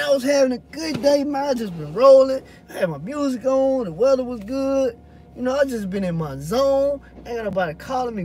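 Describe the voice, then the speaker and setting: A man's voice: very high-pitched, mellow, slight background noise. A man, a hotshot truck driver chatting loosely to viewers in a rambling, swearing way. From Louisiana. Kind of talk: casual vlog chat answering viewers.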